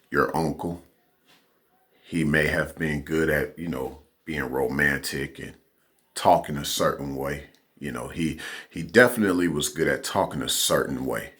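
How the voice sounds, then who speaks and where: Very deep-voiced man rambling casually. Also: fairly bright tone. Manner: laid-back, rambling, often asks "you know what I'm saying". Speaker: vlogger. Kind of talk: casual opinion monologue.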